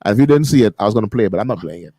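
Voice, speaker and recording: Animated, fast-talking male radio host. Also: lowish voice, no echo. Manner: animated, laughs often. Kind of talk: casual radio talk show chat.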